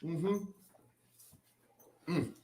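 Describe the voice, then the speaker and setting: A man's voice: drawn-out words, warm tone. A man co-hosting a casual live show over a video call, moaning, laughing and complaining dramatically about the heat. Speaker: co-host. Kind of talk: casual chat.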